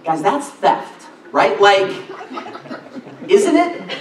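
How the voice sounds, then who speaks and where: Excitable man preaching in echoey church. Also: high-pitched, drawn-out words. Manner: excitable, animated, self-interrupting. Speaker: pastor. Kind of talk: sermon. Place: church sanctuary. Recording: echoey church hall, distant mic.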